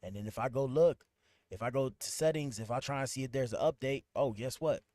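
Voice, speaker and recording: A man's voice: medium pitch, a little fast, a little mellow, no room sound. A man hosting a podcast livestream, talking loosely with his chat while he fixes his stream. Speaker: podcast host. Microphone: streaming setup at a computer.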